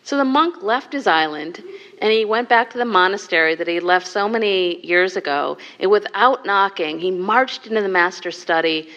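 A woman meditation teacher telling a teaching story and leading a guided meditation in a gentle, soft-spoken way. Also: medium pitch, normal speed, lo-fi sound.

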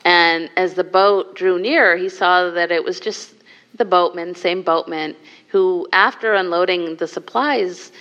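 A woman meditation teacher telling a teaching story and leading a guided meditation in a gentle, soft-spoken way. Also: lowish voice, fairly even intonation, unhurried, lo-fi sound.

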